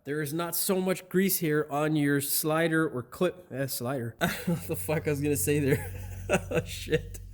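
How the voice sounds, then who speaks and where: A man's voice: a little high, normal speed. A man hosting a DIY car repair video, cursing, fumbling his words and mocking himself, while a little sick with a cough. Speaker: DIY auto repair host. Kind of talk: blooper reel of a repair tutorial.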